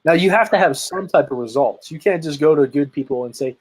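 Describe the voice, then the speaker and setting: A man talking on a video call as a guest, his voice fairly high and husky. He tells his story with energy and emphasis and often restarts his sentences. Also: quick pace, hardly any pauses, darkish tone, low-quality recording. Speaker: guest, lead generation marketer. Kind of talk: casual interview chat.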